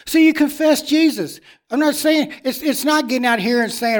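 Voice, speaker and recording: A man with a high voice preaches a sermon, hammering points home through repetition. He shifts between loud declarations and hushed, confiding asides. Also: lively intonation, normal speed.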